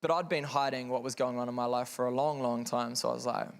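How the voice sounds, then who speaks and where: A man's voice: mid-range voice, fairly even intonation, quick pace, vocal fry, smooth. A man speaking frankly to parents in a seminar room, telling a personal story in a conversational, earnest way with wry asides.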